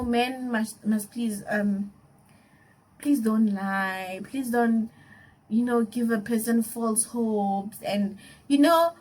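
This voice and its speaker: A young South African woman with a South African accent tells a personal story in a casual vlog, animated and emotional, often laughing as she retells it. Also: on the high side, low-quality recording. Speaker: YouTuber.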